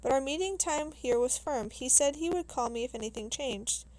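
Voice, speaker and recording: A woman's voice: high voice, lively intonation, normal speed, a little mellow, poor audio. A woman reading as an eager male professor. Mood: earnest. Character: excitable foreign male professor.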